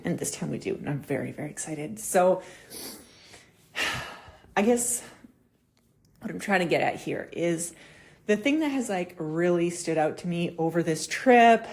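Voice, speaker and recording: A woman in her thirties hosting a casual solo podcast, animated and swearing freely as she acts out quoted conversations. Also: on the low side, gravelly. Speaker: podcast host.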